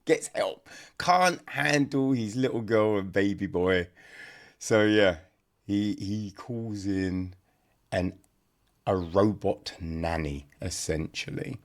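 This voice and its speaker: A man's voice: fairly low pitch, lively intonation, takes it slowly, vocal fry, long pauses. A man reviewing a film on a podcast in casual, rambling chat, blunt and swearing now and then, forever checking in with "right?". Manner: rambling, conversational, peppered with "right?" and "you know".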